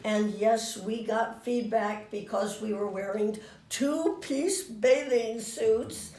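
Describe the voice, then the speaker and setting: An older woman getting over a cold, telling anecdotes to a small audience in a lively, animated way and acting out the voices. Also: a little high, slow. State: finishing a cold. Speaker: guest storyteller. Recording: roomy room, mic far off.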